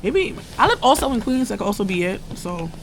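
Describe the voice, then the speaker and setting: A woman's voice: mid-range voice, very animated, fairly quick, noisy background. Chatty New woman vlogging. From New York. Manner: chatty, slangy, rambling asides. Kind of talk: casual vlog chat.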